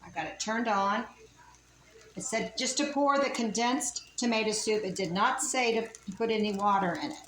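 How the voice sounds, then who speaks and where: A woman's voice: mid-range voice, moderate pace, a bit bright, slight background noise. Chatty woman cooking in a roomy kitchen. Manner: chatty, thinking aloud while working. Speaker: home cook. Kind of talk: casual cooking demonstration. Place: home kitchen.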